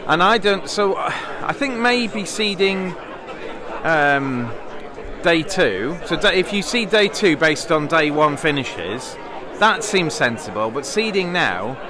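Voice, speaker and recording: A man's voice: a little high, lively intonation, slow, crowd noise. A British man chatting casually in a vlog, rambling and thinking aloud with fillers and restarts. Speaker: vlogger, bridge player.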